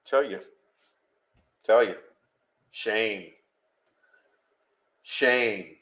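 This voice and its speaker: A man's voice: fairly low pitch, extremely slow, a bit bright. A man hosting a live-stream, talking bluntly and heatedly to his chat, swearing often as he vents. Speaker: podcast host.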